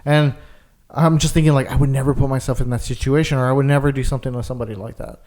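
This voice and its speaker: A young man chatting on a podcast, with a middle-pitched voice that sits right in the usual range. He tells stories in a rambling, casual way, packed with fillers and restarts. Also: steady tone, rapid-fire, darkish tone. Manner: rambling storyteller, lots of "like". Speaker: podcast co-host. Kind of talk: casual chat.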